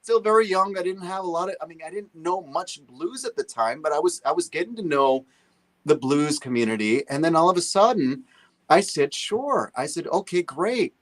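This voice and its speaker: Sitting in as a talk-show guest, this musician spins casual stories and does lively impressions of the people involved. His voice is on the high side and a little fast.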